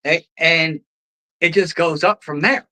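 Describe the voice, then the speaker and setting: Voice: mid-range voice, a little slow, sharp tone, low-quality recording. A host ranting about politics, heated and profane, firing off sarcastic rhetorical questions.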